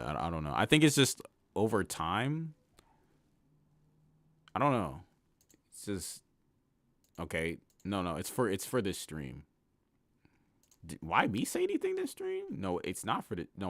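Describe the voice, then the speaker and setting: A man's voice: deep voice, huge pitch swings, moderate pace, creaky, long pauses, dry recording. A man livestreaming and chatting casually with his viewers, talking in slang, rambling and laughing often. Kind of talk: casual stream chat, reading chat aloud.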